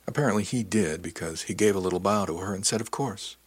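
A man giving a measured, introspective first-person audiobook narration. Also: sits low, slightly rough, dry recording.

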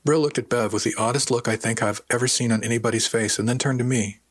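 A man's voice: mid-range voice, fairly even intonation, fast talker, husky. A man narrating a story in the first person with dry, wry storytelling. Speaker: audiobook narrator. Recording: dry close recording.

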